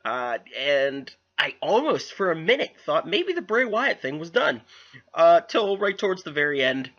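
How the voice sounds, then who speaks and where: A young man casually recapping a wrestling show, rambling and animated with lots of fillers. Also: a little high, moderate pace, lo-fi sound.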